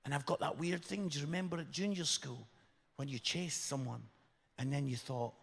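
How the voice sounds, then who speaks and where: Man, comic storyteller in a church hall, animated with shouted punchlines, slightly high voice, long hall echo. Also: normal speed, vocal fry, slightly rough. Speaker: guest comedian speaker. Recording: echoey hall reverb.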